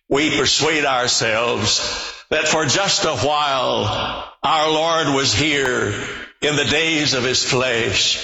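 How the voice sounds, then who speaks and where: A man preaching a sermon in a slow, deliberate, emphatic cadence. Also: mid-range voice, pushed and bright, muffled recording. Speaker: pastor. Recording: echoey hall with long reverb.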